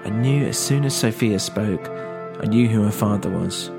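A man's voice: lowish voice, normal speed, vocal fry, music in the background. A man narrating a serialized first-person story in a tense, introspective way.

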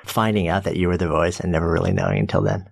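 Gravelly deep-voiced male interviewer. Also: sing-song, quick pace. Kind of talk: casual interview.

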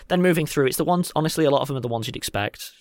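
A man co-hosting a casual podcast Q&A, animated and teasing, quick to laugh. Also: fairly high pitch, dry recording, clean studio sound. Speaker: podcast co-host.

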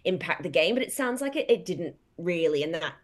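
A woman's voice: fairly low pitch, very animated, fairly quick. A woman co-hosting a podcast, asking curious, probing follow-up questions in casual chat. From Australia. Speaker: podcast co-host.

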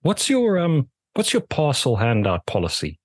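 Husky hesitant man, dry close sound. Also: mid-range voice, huge pitch swings, normal speed, no room sound. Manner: hesitant, repeats words. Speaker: podcast co-host. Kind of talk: casual chat.

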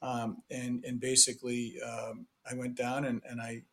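A man's voice: mid-range voice, monotone, measured pace, gravelly. A man, telling rambling anecdotes as a podcast interview guest, with frequent restarts. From Massachusetts, USA. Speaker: podcast guest, former senator and ambassador. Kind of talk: casual storytelling interview.

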